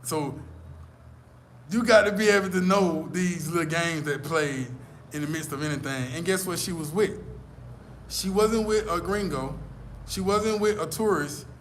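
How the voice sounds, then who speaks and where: Brief: vlogger, emphatic and profane, a touch higher than usual, faint noise behind. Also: male voice, measured pace. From United States. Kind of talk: casual storytelling rant.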